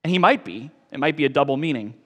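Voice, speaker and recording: A man preaching a sermon as pastor, emphatic, rising on key phrases and then dropping soft. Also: fairly high pitch, lively intonation, fast, long reverb tail.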